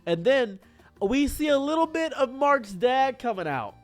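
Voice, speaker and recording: A man streamer giving excitable, rambling casual commentary on a show he loves. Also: very high voice, measured pace, faint music behind.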